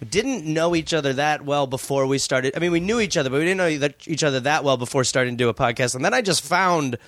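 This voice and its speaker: A man guesting on a podcast, chatting casually and throwing in quick jokes while he laughs along. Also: fairly high pitch, animated, fairly bright tone, no echo.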